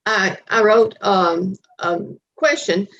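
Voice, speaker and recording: A woman's voice: medium pitch, animated, takes it slowly, a bit bright, muffled recording, a little hiss or hum. A woman asking a question over a video call, frustrated and pressing. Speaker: questioner in audience.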